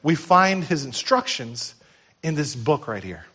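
A middle-aged male pastor delivering a sermon in a fairly high voice. His preaching climbs to loud, emphatic peaks, then drops to hushed, tender lows. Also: very animated, a little slow, breathy edge.

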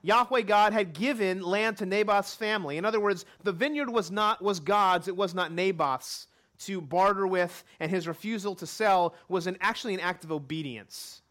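This is a man with a notably high voice preaching a sermon. He walks through a scripture passage step by step and repeats his main points for emphasis. He is in his thirties. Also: normal speed, fairly bright tone. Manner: expository preaching with repeated key lines and acted quotes. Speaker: pastor.

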